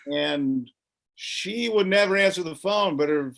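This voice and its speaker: A man's voice: high voice, a little slow, gravelly, a bit bright. A man co-hosting a comedy chat, rambling through stories with lots of swearing and laughter. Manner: rambling storyteller, swears freely, laughs along. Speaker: comedian and co-host.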